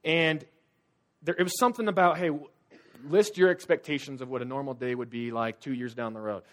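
A young man delivering a sermon with a voice of ordinary, mid-range pitch for a man. He preaches like he is telling stories to friends, casual and loose. His delivery swings from loud, urgent bursts down to hushed, low confiding. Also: steady tone, fairly quick. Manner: conversational storytelling with casual fillers.

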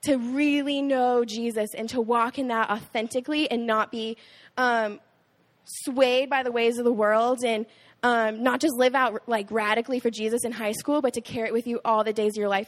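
A young woman, a small group leader, giving a casual, chatty Bible talk to a youth group, with many filler "likes". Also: fairly high pitch.

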